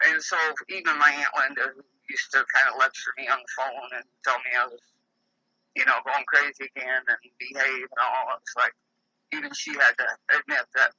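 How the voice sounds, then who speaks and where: A man's voice: mid-range voice, sharp tone, no echo. A man in casual conversation, telling long candid stories in a rambling way. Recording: dull lo-fi sound.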